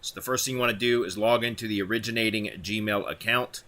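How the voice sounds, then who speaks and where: A man talking through a software tutorial step by step in plain instructions, with occasional fillers. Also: on the low side, fairly even intonation, quick pace. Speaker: tutorial host. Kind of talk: screen-recorded software tutorial.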